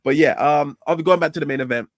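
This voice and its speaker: A man's voice: on the high side, fast talker, no room sound, clean studio sound. A man co-hosting a casual podcast discussion who talks hesitantly, restarting and trailing off. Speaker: podcast co-host.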